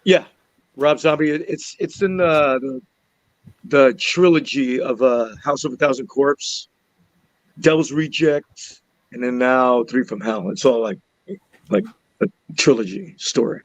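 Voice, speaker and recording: A man telling a story from a film set in casual chat, animated and laughing, restarting and repeating words as he goes. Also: medium pitch, a little slow, dry recording, poor audio. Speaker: actor and podcast guest.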